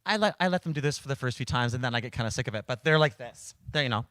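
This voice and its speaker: A man, a karaoke host and cabaret producer, chatting casually and telling animated stories that he acts out in little voices. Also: medium pitch, very fast, dry recording. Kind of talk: casual storytelling chat.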